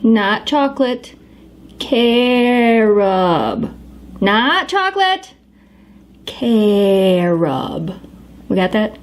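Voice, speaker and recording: A woman's voice: medium pitch, a little mellow, slight background noise. A woman hosting a casual cooking vlog, upbeat and chatty, stressing words for emphasis. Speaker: host of a dog treat channel.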